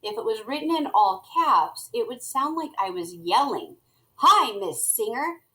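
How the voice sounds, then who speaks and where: A woman's voice: a little high, big pitch swings, normal speed, fairly bright tone, rough recording. A middle-aged woman teacher guiding students step by step through a screen-recorded tutorial, talking as she types.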